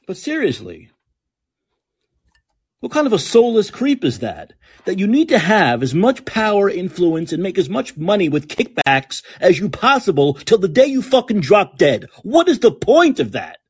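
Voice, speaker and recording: On his podcast, a man vents political commentary in an angry, sarcastic tirade laced with swearing. His high voice has a breathy edge and wide pitch swings, delivered at normal speed.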